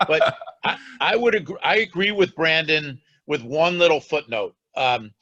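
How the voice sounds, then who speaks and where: A man's voice: on the high side, normal speed, pushed and bright, dry recording. A man weighs in on a finance panel in a careful, qualifying way, padding his points with fillers. His sound is dull and muffled, like remote-call audio, with no room sound at all. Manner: cautious, qualifying, filler-heavy. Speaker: banking panelist. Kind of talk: panel discussion on a video call.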